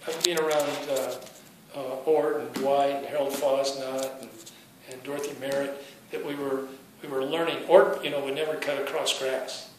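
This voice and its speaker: A man recalls the past in halting, casual speech with many "uh"s. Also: medium pitch, level tone. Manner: halting storytelling with "uh"s. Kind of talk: casual recollection. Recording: very echoey room, distant from mic, noisy.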